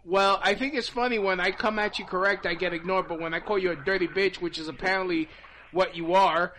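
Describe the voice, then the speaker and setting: A man's voice: high-pitched, steady tone, fairly quick, sharp tone. A man hosting a podcast, profane and brash, rambling through crude comedic banter. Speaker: podcast host. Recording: noisy podcast recording.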